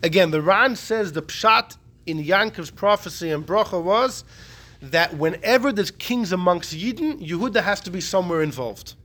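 Animated high-voiced man lecturing. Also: moderate pace. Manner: animated, repeats key points, answers student interruptions. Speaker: Torah class teacher. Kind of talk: Talmudic lecture.

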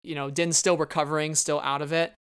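Smooth-voiced, relaxed man podcaster. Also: fairly high pitch, a little fast. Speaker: podcast host. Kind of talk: casual fan podcast chat.

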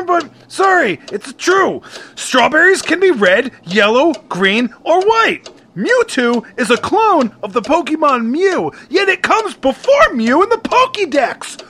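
A man's voice: very high voice, sharp tone, slight background noise. A young adult man hosting a comedic solo podcast, upbeat, playful and goofy. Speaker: podcast host.

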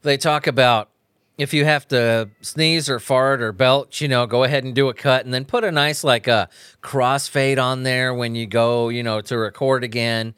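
A man's voice: medium pitch, fairly even intonation, moderate pace, a bit bright, clean tone, no echo, studio quality. A man hosting a casual podcast at home, talking into a microphone on a stand. He rambles, swears freely and laughs often. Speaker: podcast host.

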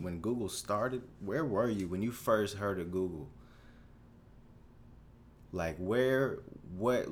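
Man, twenties, podcast host, casual monologue, profane, rambling, lower voice, faint background hum. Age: 20s. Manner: rambling, profane, animated storytelling with many restarts.

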